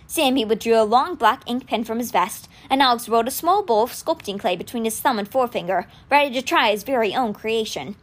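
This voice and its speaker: Brief: a woman reading a novel aloud, expressive storytelling with a lively and slightly high pitch. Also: fairly quick, hardly any pauses. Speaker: audiobook reader.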